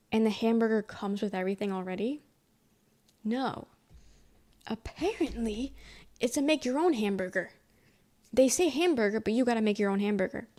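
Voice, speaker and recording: A soft-spoken woman streamer rambling through a story in casual chat, swearing freely. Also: fairly high pitch.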